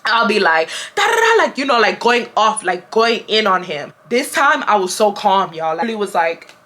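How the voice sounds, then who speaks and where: A woman vlogger telling a personal story in a chatty, animated way, talking straight to her viewers on a camera mic. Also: medium pitch, normal speed. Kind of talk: casual storytime chat.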